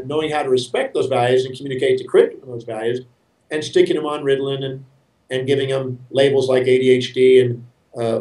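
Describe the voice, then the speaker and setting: As an interview guest, an American man earnestly tells his life story in a medium-pitched, slightly mellow voice, often repeating words as he starts sentences. The recording sounds roomy and distant.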